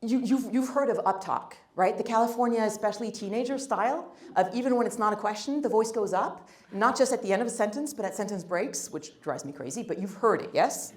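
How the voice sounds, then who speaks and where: A woman's voice: on the high side, brisk, hardly any pauses, a little mellow. A woman giving a live workshop talk, blunt and emphatic with wry humor. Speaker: workshop speaker. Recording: roomy hall.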